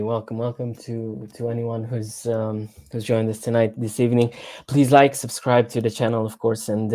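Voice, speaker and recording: A man hosting a casual football livestream, talking in a mellow, darker tone at a medium pitch. He rambles and stammers, repeating words as he searches for them, and slips sarcasm into his points. It feels like an informal chat among fans. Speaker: livestream co-host. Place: home room, lives abroad.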